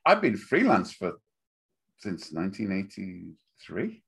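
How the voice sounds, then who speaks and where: An older man with a Liverpool accent, chatting as a guest in a relaxed interview, wry and rambling, often laughing at his own jokes. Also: low-pitched, unhurried, creaky, husky. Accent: Liverpool (Scouse). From Liverpool, England.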